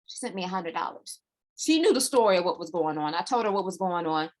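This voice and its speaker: A woman hosting a live morning chat show, telling a personal story in a chatty, animated way and acting out what others said. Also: lowish voice, fast, a little hiss or hum. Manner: chatty, animated, acts out quoted voices. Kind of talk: casual live-stream storytelling.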